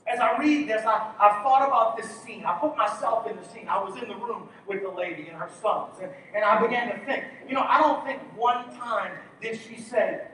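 High-voiced male pastor in an echoey hall. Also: moderate pace, bright, forceful tone. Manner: exhorting, calls for congregation responses. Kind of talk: sermon. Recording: very echoey hall, distant mic, faint noise.

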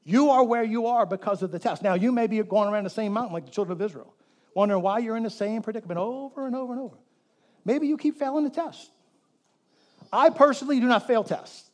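A pastor with a notably high voice preaches to his church in a lively, joking way. He calls on the congregation to say words back to him. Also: quick pace. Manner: animated and jokey, prompting the congregation to repeat words. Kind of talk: sermon.

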